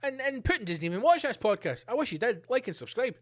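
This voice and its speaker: A man's voice: very high-pitched, big pitch swings, fast, fairly bright tone. A man hosting his own podcast, ranting with plenty of swearing and jumping between tangents. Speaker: podcast host. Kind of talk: solo podcast rant.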